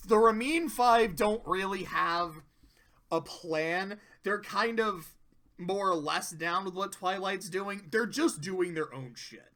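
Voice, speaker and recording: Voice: medium pitch, slow pace, fairly bright tone. A commentator casually recapping cartoon episodes, rambling, swearing freely and laughing often.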